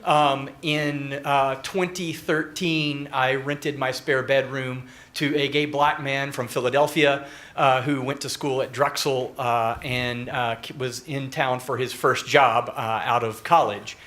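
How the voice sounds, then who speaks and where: A young man from Northeast Texas stands up in the audience to ask a question. His voice is bright and tense, and he talks haltingly, full of fillers. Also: mid-range voice, fairly even intonation. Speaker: audience member asking a question.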